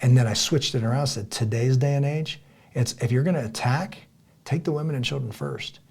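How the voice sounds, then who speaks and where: Gravelly, husky man telling stories. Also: mid-range voice, fairly quick. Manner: animated storyteller, acts out quoted dialogue loudly. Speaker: podcast co-host. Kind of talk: casual conversational podcast.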